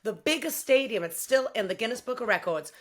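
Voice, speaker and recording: A woman's voice: fairly high pitch, animated, brisk. A woman in her fifties, a tribute singer, chatting as a guest in a playful way and calling people honey. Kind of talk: casual interview chat.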